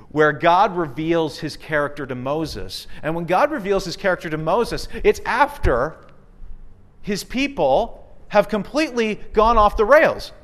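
A man preaching a sermon, acting out quoted voices with big swings in delivery. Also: a little high. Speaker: pastor.

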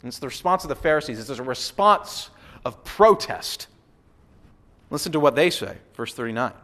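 A man preaching a sermon, animated and emphatic, repeating phrases and acting out what others say. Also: mid-range voice, normal speed. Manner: animated preaching, emphatic repetition, acts out quotes. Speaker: pastor.

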